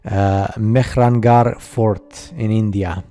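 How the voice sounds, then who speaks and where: A man narrating a slideshow in a casual, halting way, full of fillers and skeptical asides. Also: on the low side, steady tone, warm tone. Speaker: video narrator.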